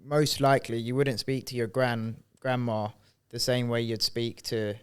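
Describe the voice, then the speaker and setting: A man's voice: medium pitch, flat delivery, normal speed, clean tone. A man co-hosting a podcast, chatting casually in a reflective way that often trails off and restarts. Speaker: podcast co-host.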